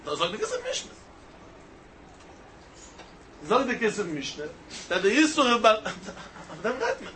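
Animated high-voiced teacher. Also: male voice, unhurried, pauses often, a little hiss or hum. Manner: animated, mixes Hebrew, Aramaic and Yiddish terms into English, sing-song reasoning. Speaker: Talmud teacher. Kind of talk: yeshiva-style Talmud lecture.

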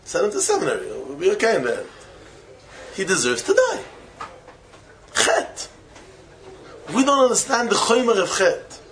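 A man, a rabbi, giving a Torah lecture in English full of Yiddish and Hebrew terms, with non-native phrasing, slowing to chant key phrases and breaking into sudden high exclamations. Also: wildly swooping pitch, background noise. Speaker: rabbi teaching students. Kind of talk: Torah lecture to young men.

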